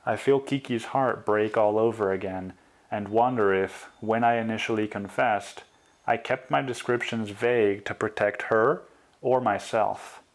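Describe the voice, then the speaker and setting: A man reading his own memoir as an audiobook, in a quiet, confessional tone. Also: on the low side, steady tone, a little slow. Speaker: memoir author and narrator.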